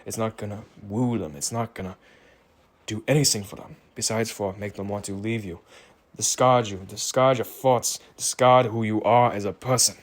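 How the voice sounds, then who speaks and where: A tired man talking slowly in a rambling, reflective solo monologue. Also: fairly low pitch, steady tone. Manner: slow, rambling, musing. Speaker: vlogger.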